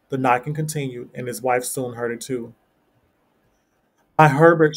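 Man reading a story aloud. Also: mid-range voice. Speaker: story reader. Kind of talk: read-aloud story narration.

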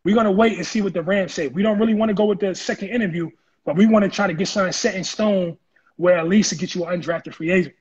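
A man telling his story in an interview, animated and acting out the voices of people he quotes. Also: high voice, fast, breathy edge, muffled recording. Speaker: interview guest, former football player. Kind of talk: casual storytelling.

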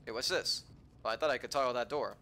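A man giving casual let's-play commentary, rambling to himself with frequent restarts, swearing and sudden excited outbursts. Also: medium pitch, fast talker.

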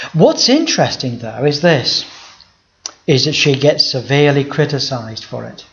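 A man, a pastor giving a sermon in a conversational style, often asking the audience rhetorical questions. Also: fairly high pitch. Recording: dull lo-fi sound.

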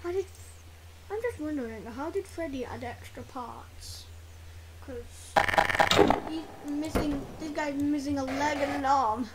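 A woman's voice: sits high, measured pace. A woman playing a video game role-play, talking casually and exclaiming often with squeamish oh and ugh sounds. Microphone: desk mic. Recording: loud background noise.

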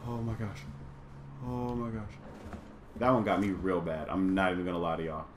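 A gaming channel host runs a let's play, jumpy and easily startled, repeating himself and trading chatty, exclamatory, self-deprecating banter with viewers. His low voice is flat in delivery at normal speed, recorded in a roomy space with a noisy background.

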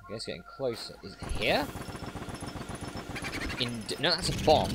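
Man, let's play commentary, bright voice, swings in pitch, jokey and excitable, soft music behind. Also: normal speed, long pauses. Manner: excitable, jokey, talks back at the game.

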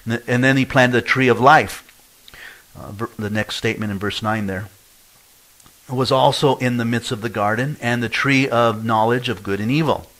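A man's voice: mid-range voice, steady tone, moderate pace, a bit bright, rough recording. A middle-aged pastor preaching a sermon in a church, telling his own story and acting out the voices of people he quotes. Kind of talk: sermon with personal testimony.

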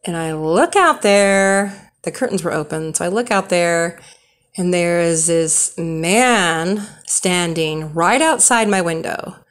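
A woman's voice: on the low side, expressive, slow. A young woman rambling through casual true stories on a vlog, with many fillers and restarts. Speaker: storyteller.

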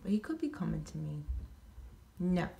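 A woman's voice: fairly low pitch, very animated, moderate pace, gravelly, dark tone. A woman talking casually at home, explaining things step by step with many ums and restarts. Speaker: vlogger and pet owner.

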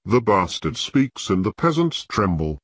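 Audiobook: man reading a contemptuous drill master, cold and cutting, low and dry. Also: very animated, unhurried, breathy edge, no room sound, exaggerated voice. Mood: sneering. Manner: taunting, contemptuous. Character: cold, sharp-voiced, sneering male master-at-arms.

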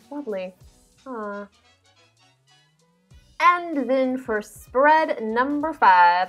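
Bubbly woman host, chatty craft voice-over, self-mocking asides. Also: mid-range voice. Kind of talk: casual voice-over narration.

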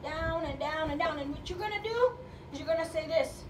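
A woman's voice: high voice, a little fast, distant mic, noisy background. A woman pastor preaching a sermon with passion, her voice at times breaking with emotion. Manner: impassioned, rising to fervent calls, voice breaking with emotion. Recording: echoey room, speaker away from mic, faint ambience.

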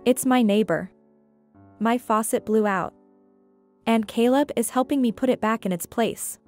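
A self-assured young woman in a storybook, answering calmly and evenly, read by a woman narrator. Her voice sits a little high. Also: measured pace, soft background music, lightly acted. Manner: calm and composed.

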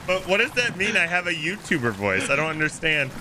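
Bright-voiced playful gaming host. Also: male voice, on the high side, very animated, brisk, slight background noise. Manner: playful, jokey, mock-solemn preaching. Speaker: streamer and host. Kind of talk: casual gaming chat with friends.

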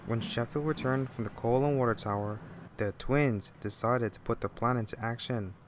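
A man narrating a fan-made train story in a plain, unhurried way. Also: mid-range voice, steady tone, noisy background.

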